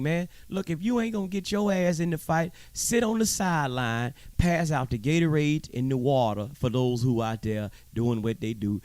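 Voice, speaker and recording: A man's voice: mid-range voice, a little mellow, no room sound. A man hosting his own show, delivering a heated, profane commentary monologue with preachy emphasis and stammering repeats. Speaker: show host.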